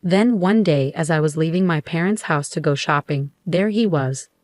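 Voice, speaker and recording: A woman reads a first-person story in an even, measured way. Her voice is on the low side, and the recording is dry and close. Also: no room sound. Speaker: narrator.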